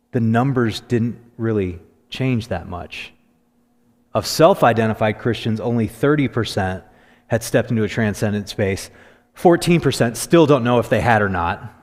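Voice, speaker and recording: Male pastor, mid-pitched voice, conversational storytelling sermon, long church reverb. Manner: conversational storytelling, animated when quoting. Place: church sanctuary.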